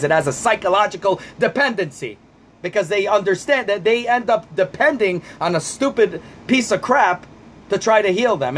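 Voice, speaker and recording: A man's voice: sits high, slight background noise. A man coaching people through anxiety in a vlog Q&A, answering viewer questions in a blunt, profane, fired-up way and repeating himself for emphasis.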